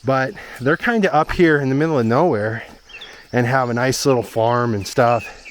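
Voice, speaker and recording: A man's voice: medium pitch, normal speed. A man hosting a travel vlog, chatting casually and with enthusiasm to the camera as he walks a mountain trail. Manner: easygoing, chatty, enthusiastic about the sights. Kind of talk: casual walking narration to camera.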